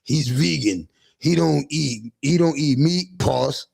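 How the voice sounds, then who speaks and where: A man's voice: on the high side, slow pace, vocal fry, a little mellow. A man hosting a livestream, telling rambling, profane, teasing comic stories in casual chat. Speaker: livestream host.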